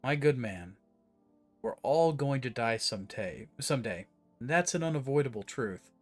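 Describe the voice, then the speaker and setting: A man voicing a gloomy, philosophical tall man in a game, speaking slowly and mournfully. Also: animated, faint music behind, close to an everyday voice. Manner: slow, low and mournful. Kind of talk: reading game dialogue aloud in voices.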